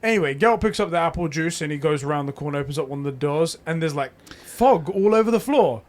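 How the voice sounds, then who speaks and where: A man's voice: a little high, expressive, quick pace. A man co-hosting a casual podcast review, recapping scenes and agreeing often with his co-host.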